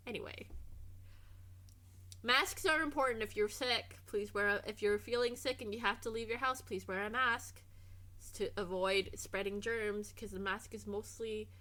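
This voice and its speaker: A woman's voice: mid-range voice, steady tone, moderate pace, bright, forceful tone. A woman streamer chatting casually over gameplay, rambling and trailing off into restarts.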